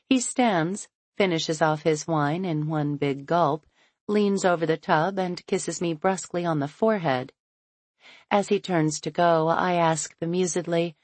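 Low, slow-paced woman narrator. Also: steady tone, a little mellow, no room sound. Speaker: audiobook narrator. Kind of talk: first-person romance narration.

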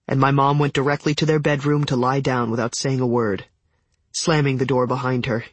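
A man's voice: fairly high pitch, slightly rough, no echo. A man reading a novel aloud in first person, with a wry, conversational storytelling manner. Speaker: audiobook narrator. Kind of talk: scripted first-person narration.

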